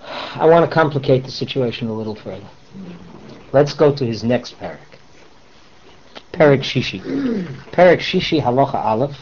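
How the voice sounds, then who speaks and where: A man's voice: mid-range voice, big pitch swings, moderate pace, pauses often, darkish tone, slightly rough. A man teaching a Torah class, switching between English and Hebrew terms and posing rhetorical questions to his students. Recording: dull lo-fi classroom recording.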